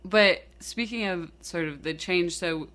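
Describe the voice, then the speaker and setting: A woman's voice: fairly low pitch, unhurried, a bit bright. An American woman hosting a casual chat, asking curious questions. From United States.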